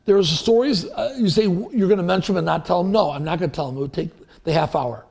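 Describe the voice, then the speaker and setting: Gravelly high-voiced male pastor. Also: quick pace, a little mellow. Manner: anecdotal, rambling with restarts and chuckles. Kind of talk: sermon. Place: church sanctuary.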